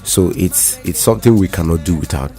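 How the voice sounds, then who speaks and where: A Nigerian man with a very low voice co-hosts a casual radio talk show. He talks in halting stretches, restarting and repeating words as he goes, with faint music playing behind him. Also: dark tone. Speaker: radio co-host.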